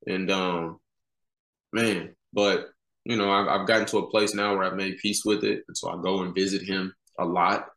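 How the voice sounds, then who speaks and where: Podcast guest, man in his thirties, laid-back slangy storyteller, low voice. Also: steady tone, normal speed, a bit bright. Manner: casual slangy talk, many "you know" fillers. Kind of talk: candid conversational storytelling. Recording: roomy echo.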